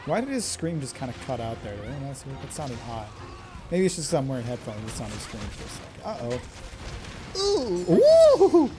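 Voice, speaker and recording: A man streaming a game live, excitable and swearing at the monster, laughing often. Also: mid-range voice, fast, music in the background. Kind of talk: live gameplay commentary.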